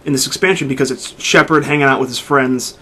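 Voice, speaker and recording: A man's voice: medium pitch, fast talker, a little hiss or hum. A man co-hosting a podcast, chatting casually and retelling a video game at length with lots of restarts. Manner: rambling, animated retelling of a game. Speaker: podcast co-host. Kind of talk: casual chat.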